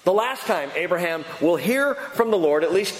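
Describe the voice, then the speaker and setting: Animated male preacher in echoey hall. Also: sits high, moderate pace. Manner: animated storytelling, acting out voices. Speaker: pastor. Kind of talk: sermon.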